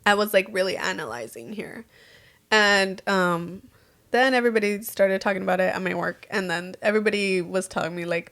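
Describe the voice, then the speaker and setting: Young female co-host, mid-pitched, chatty, filler-heavy delivery. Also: animated, fairly quick, a bit bright. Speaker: podcast co-host. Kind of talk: casual chat.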